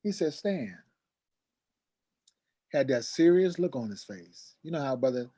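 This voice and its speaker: A middle-aged man with a mid-range voice tells a story from his own life. He slips into the voices of the people in it, and his pitch jumps up whenever a scene gets heated. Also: expressive, fairly quick, dark tone, husky. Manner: acts out quoted dialogue, voice rising sharply when agitated. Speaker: guest telling a personal story. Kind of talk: animated storytelling.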